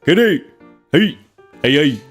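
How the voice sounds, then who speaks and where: A man's voice: on the high side, expressive, soft background music. A man doing an impression of a cheery young man who keeps repeating greetings. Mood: excited. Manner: repeats loud rapid greetings.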